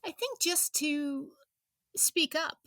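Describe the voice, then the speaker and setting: A woman's voice: high-pitched, lively intonation, slow pace, a bit bright, no room sound, studio quality. A woman in her fifties, a reporter chatting as an interview guest, laughing often and restarting her sentences. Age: 50s. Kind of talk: casual interview chat.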